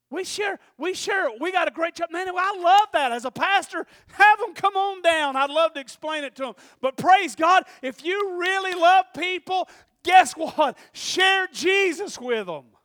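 A male pastor preaching a sermon, telling stories animatedly, acting out voices and rising to shouts. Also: extremely high pitch, animated, unhurried, no room sound, clean studio sound.

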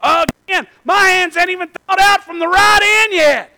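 A male pastor preaches to his congregation in a church. His voice sits very high and sounds bright and forceful. He tells stories, falling to near-whispers and climbing to shouts. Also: normal speed, low-quality recording. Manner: storytelling, swings from hushed to shouting. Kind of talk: sermon with personal storytelling.

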